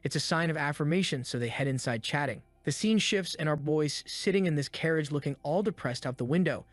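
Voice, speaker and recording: A man's voice: fairly high pitch, brisk, no room sound. A man narrating a comic story recap in a laid-back, slangy, wry way.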